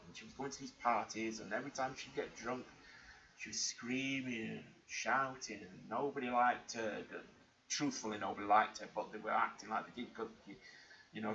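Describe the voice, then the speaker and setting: Speaking with a fairly low but fairly bright voice, a man recounts an emotional personal story for his vlog. He rambles earnestly and keeps starting over, captured on a muffled lo-fi recording with a faint hiss.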